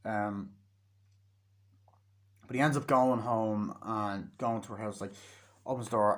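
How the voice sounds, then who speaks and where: A man's voice: lowish voice, steady tone, a little slow, long pauses. A young man giving a casual movie review, rambling with plenty of swearing and acting out scenes as he retells them.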